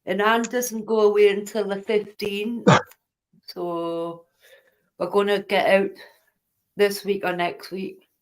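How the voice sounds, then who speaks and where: A woman's voice: mid-range voice, little pitch movement, takes it slowly, pauses often. A woman in easygoing casual chat as a guest on a stream.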